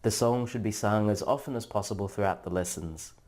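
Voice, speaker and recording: A man narrating a scripted language lesson in a measured, instructional way, drawing out syllables for practice. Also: fairly low pitch, a little mellow. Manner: slow, measured, drawn-out syllable drills. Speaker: language teacher.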